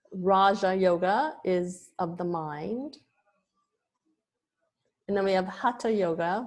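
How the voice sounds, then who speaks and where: A woman yoga teacher giving an online lesson, explaining terms patiently with small restarts. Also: on the low side.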